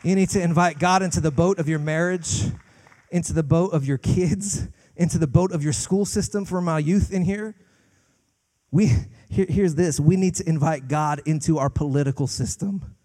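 A man, a guest pastor, preaching a sermon with passion, climbing to loud peaks and dropping to hushed lines. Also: a little high, moderate pace.

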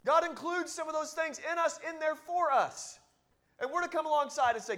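A man preaching a sermon as pastor, earnest and exhorting, often dropping to a hushed, close tone. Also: very high voice, fairly quick.

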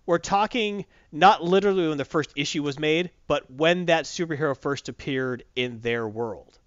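A man's voice: fairly high pitch, normal speed, no room sound, dull audio. A man chatting casually as a podcast host, rambling and correcting himself as he goes. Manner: rambling, self-correcting, enthusiastic. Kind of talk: casual chat.

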